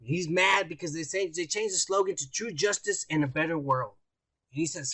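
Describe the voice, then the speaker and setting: A man's voice: fairly high pitch, moderate pace, pushed and bright, breathy edge. A young man co-hosting a casual podcast, profane and mocking as he reads out news stories. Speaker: podcast co-host. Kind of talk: casual drunk banter.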